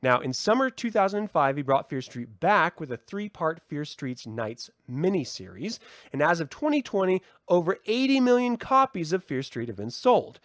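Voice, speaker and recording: A man hosting his own podcast, a profane, heated rant that swings between shouting and calmer explaining, recorded indoors. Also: a little high, moderate pace, no room sound, studio quality. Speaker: podcast host. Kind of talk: ranting solo podcast. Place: indoor room.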